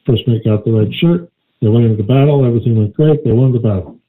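Radio co-host, man, halting storyteller heard over a tinny phone-like line. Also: medium pitch. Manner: rambling, halting storyteller with many restarts. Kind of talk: casual call-in radio chat.

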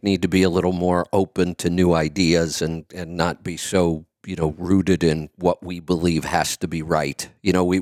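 A man's voice: deep voice, no echo, studio quality. A man hosting a podcast, chatting casually and agreeing readily with his guests. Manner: agreeable, quick affirmations.

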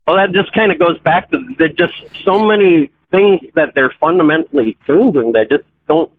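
Fifties male caller, hesitant, stop-start, tinny phone line. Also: fairly high pitch. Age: 50s. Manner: hesitant, halting, self-correcting. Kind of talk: casual talk radio chat.

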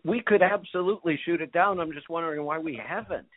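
A man's voice: fairly high pitch, fast talker. A man hosting a casual call-in radio show over his phone, joking and chatty. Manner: joking, chatty, laughs easily. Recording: phone-line audio.

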